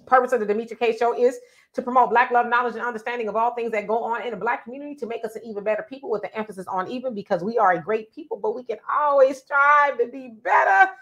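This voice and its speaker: Woman, talk show host, slightly high voice, lively, emphatic, casual chat. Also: fast, highs cut off.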